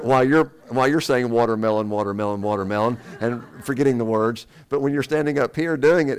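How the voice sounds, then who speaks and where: A man preaching a Bible sermon from the pulpit of a church, at an everyday middle pitch. He poses questions to the congregation and then answers them himself. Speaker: pastor.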